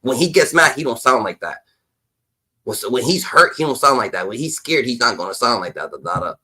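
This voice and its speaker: A man hosting a stream, reacting to clips in an animated rant and ending lines with a repeated filler word. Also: mid-range voice, brisk, slightly rough, rough recording. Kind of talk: casual ranting commentary.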